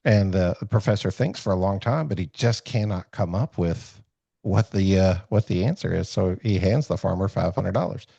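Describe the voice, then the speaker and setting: This podcast host's voice is low, gravelly, warm, and slightly rough, at a moderate pace and dryly recorded. Telling a story in a casual chat over a video call with dull lo-fi audio, he rambles, puts himself down, and keeps restarting with lots of fillers.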